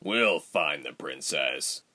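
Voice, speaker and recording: A man voicing a gruff, threatening castle guard whose voice sounds muffled, as if through a door. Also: rumbling low, animated, slow, pushed and bright, dry recording, voice pushed down, full character voice. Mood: menacing.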